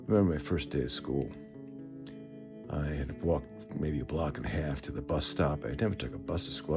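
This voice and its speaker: A man, telling stories from his life in an unhurried, conversational way with frequent hesitations and restarts. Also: a bass voice. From the Bronx, New York. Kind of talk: reflective personal storytelling. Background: faint guitar music.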